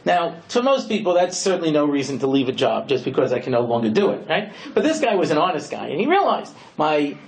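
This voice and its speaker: A man's voice: a little high, poor audio. A man lecturing as a rabbi, telling a story in a conversational way and often saying "you know". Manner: animated storyteller, quickly acting out characters' lines.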